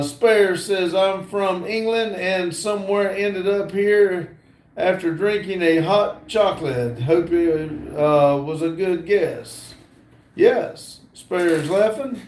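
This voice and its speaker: A middle-aged Southern man with a high voice reads his live chat aloud slowly and easily, dropping in plenty of "uh"s. His phone's sound is echoey and roomy, and he is outside. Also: a little mellow. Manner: slow and easygoing, reads names and comments with many "uh" fillers. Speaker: livestream host. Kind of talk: casual live stream, reading chat aloud. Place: outdoors.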